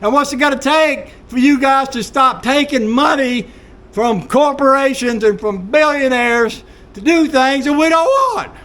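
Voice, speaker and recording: A man's voice: extremely high pitch, expressive, measured pace, fairly bright tone. A man ranting in a folksy, exasperated monologue straight to camera. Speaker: vlogger.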